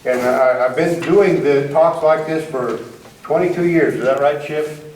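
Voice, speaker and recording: Middle-aged american guy, folksy opinionated rancher talk, kinda high voice, echoey hall from far off. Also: measured pace, a little mellow. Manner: folksy, self-deprecating, opinionated. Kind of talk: public presentation to an audience. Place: meeting hall with an audience. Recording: roomy, distant hall recording with faint noise.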